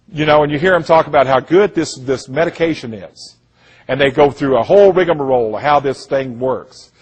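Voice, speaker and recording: Husky-voiced man, earnest preaching monologue, mid-range pitch. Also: brisk. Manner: earnest, repeats "listen to me", quotes others in voices. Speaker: speaker giving a presentation. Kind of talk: impassioned monologue, storytelling.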